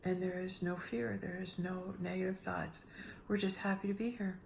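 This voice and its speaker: A middle-aged woman giving a casual spiritual talk, telling a personal story with lively restarts and acted-out inner voices. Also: fairly low pitch, normal speed, creaky, slight background noise. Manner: animated, restarts often, acts out her own inner voices. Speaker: spiritual speaker.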